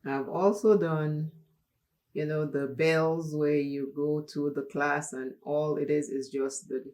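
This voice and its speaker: Slow-talking woman vlogger. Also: low-pitched, fairly even intonation, a little mellow. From Dominica. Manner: unhurried, chatty, laughs while telling stories. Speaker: makeup channel host. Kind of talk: makeup tutorial with personal storytelling.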